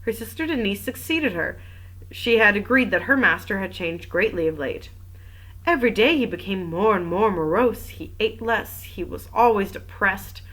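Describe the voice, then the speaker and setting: A woman's voice: mid-range voice, animated, normal speed, a bit bright, rough recording. A woman reading a mystery novel aloud, breaking off for wry, chatty asides about the text. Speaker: reader and commentator.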